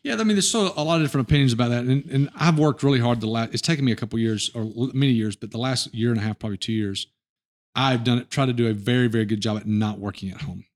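A man's voice: medium pitch, fast. A middle-aged man hosting a podcast interview in casual chat, talking in loose, rambling sentences with restarts. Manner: relaxed, rambling storyteller with restarts. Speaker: podcast host.

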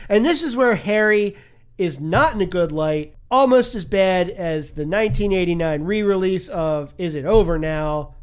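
A woman hosting a casual podcast, retelling a movie scene by scene with quick quoted voices and plenty of swearing. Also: fairly low pitch, smooth. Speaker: podcast host. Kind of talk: casual chat recapping a movie.

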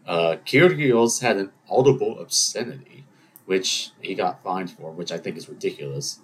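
A deep-voiced man of Greek heritage hosts his own podcast, talking solo at a moderate pace with slight background noise. The casual monologue rambles, pokes fun at himself, and slips into playful voices.

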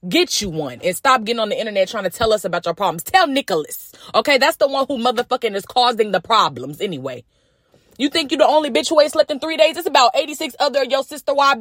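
A woman hosting a podcast, ranting in blunt, profane, animated commentary. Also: a little high, no echo, clean studio sound. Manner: blunt, profane, animated, mocking quoted voices. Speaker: podcast host. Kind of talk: casual commentary rant.

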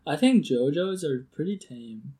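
A man's voice: on the high side, lively intonation, a little slow, mellow. A man co-hosting a podcast, chatting casually and laughing easily, with many fillers. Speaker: podcast co-host. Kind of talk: casual chat.

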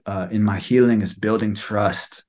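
Soft-spoken man with halting speech. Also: fairly low pitch, fairly even intonation. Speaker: student sharing experience. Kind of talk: reflective personal sharing.

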